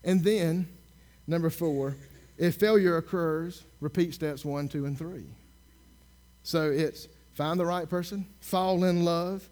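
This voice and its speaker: A male minister telling a story in a sermon, sarcastic and animated, acting out the people he talks to. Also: a little high, slow pace. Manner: sarcastic, animated storyteller who acts out dialogue.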